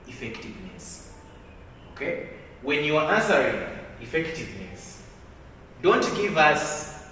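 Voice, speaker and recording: A male teacher lectures slowly, with a lively voice that rises and falls a lot. He keeps checking in with the class. The sound is distant and booming, as if caught from across a large hall with faint hiss. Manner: repeats points, checks in with "okay?" and "hmm?". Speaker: literature teacher.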